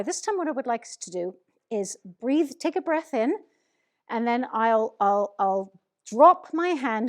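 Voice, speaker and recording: Woman minister, higher voice, lively and encouraging, teaching a standing group. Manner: lively, encouraging, demonstrates exercises aloud. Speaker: minister leading a public speaking workshop. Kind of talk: live workshop teaching. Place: room with a group, speaking while standing.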